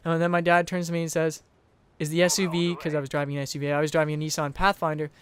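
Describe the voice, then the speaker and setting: A man's voice: fairly high pitch, flat delivery, very fast, a bit bright. A young man hosting a gaming channel, casually telling a personal story over gameplay, rambling and repeating himself with small chuckles.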